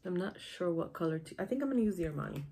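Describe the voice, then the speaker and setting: A woman's voice: fairly low pitch, lively intonation, racing, dark tone, a little hiss or hum. A woman with a sick, nasal voice, chatting through a makeup tutorial as a beauty vlogger. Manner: chatty, talks through each step.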